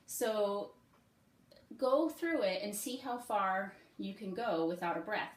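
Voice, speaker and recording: A woman who teaches music, giving step-by-step practice advice in a relaxed, friendly way with frequent ums and okays. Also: medium pitch, slow pace, roomy sound. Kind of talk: casual instructional talk.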